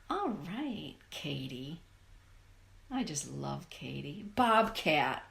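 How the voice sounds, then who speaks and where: A woman's voice: sits low, very animated, very slow, creaky, fairly bright tone. A woman hosting a live spiritual show, greeting viewers by name and giving affirming card readings.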